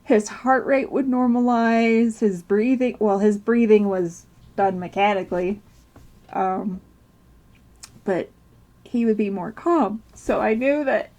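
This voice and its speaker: Vlogger, a woman, tearful, telling a personal story slowly with nervous laughter. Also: medium pitch, warm tone. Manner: rambling with restarts, nervous laughter through grief.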